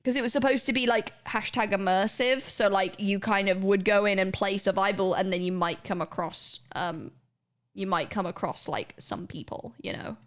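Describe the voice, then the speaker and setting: A woman's voice: mid-range voice, steady tone, normal speed. A young woman chatting casually on her stream, rambling, swearing and trailing off mid-sentence. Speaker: livestreamer.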